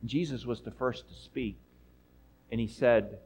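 A man's voice: medium pitch, unhurried, slightly rough, poor audio. A man playing an awed apostle eyewitness. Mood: storytelling. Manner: lively storytelling with chatty asides to listeners. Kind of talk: first-person dramatic monologue.

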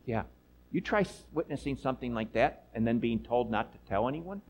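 A man playing an apostle who retells a miracle he witnessed in a first-person dramatic monologue, lively and chatty with asides to his listeners. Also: mid-range voice, fairly quick, natural voice, poor audio. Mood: storytelling.

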